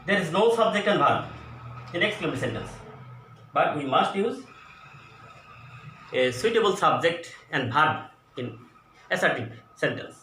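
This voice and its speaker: A man teaching an English grammar lesson at a board, explaining slowly and going over each example again. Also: on the high side, big pitch swings, fairly bright tone. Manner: slow, deliberate explaining with repeated examples. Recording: echoey room, voice from a distance, faint noise.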